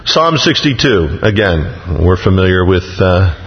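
A man's voice: sits low, very animated, slightly rough, in a large hall, lo-fi sound. A man preaching a sermon, reading scripture with rising emphasis and dropping folksy asides between verses. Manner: slow, reads scripture aloud with rising emphasis. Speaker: pastor.

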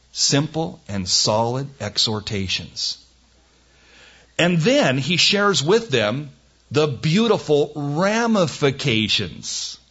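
A man's voice: fairly high pitch, fairly bright tone, highs cut off. A man teaching through a Bible passage in a sermon, earnest and folksy, rising to emphatic, incredulous questions. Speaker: pastor.

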